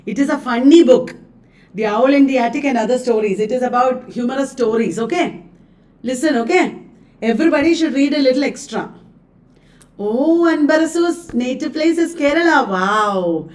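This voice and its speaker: A woman's voice: high-pitched, animated, moderate pace, a little mellow. A woman teacher, running an exam quiz lesson, reading out questions and options and repeating them. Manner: chatty, repeats questions and answers aloud. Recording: echoey room, distant mic.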